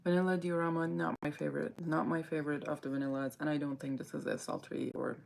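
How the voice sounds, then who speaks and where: A woman's voice: low-pitched, little pitch movement, quick pace, creaky, a little mellow. A woman hosting a casual fragrance livestream, reading viewer comments aloud and answering them as she chats.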